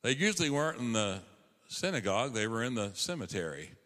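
A man's voice: medium pitch, very animated, a little fast, a bit bright. A man preaching a sermon as a pastor, emphatic and conversational, rising on key phrases. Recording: long hall reverb.

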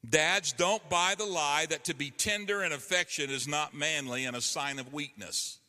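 Bright-voiced man preaching in a hall. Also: on the high side, normal speed. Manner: emphatic preaching with call-and-response. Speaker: pastor. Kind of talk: sermon.

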